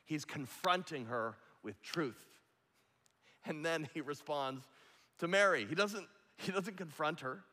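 High bright preaching man in a hall. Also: measured pace. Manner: impassioned, preacherly, acts out quotes. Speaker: pastor. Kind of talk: sermon. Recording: long echo of a large hall.

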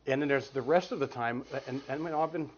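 A man's voice: medium pitch, fast talker. A man in his forties teaches a church group in an earnest, storytelling way, often restarting his sentences. His voice sits in a middle range. The recording is dull and lo-fi, with a faint hiss behind it. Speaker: guest speaker at a church group. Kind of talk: casual teaching talk. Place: meeting room with children's group next door.

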